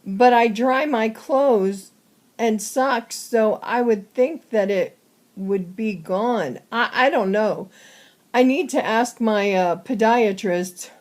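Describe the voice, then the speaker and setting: A woman giving a casual personal update to her viewers, short of breath and halting, with many fillers. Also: a little high. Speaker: vlogger.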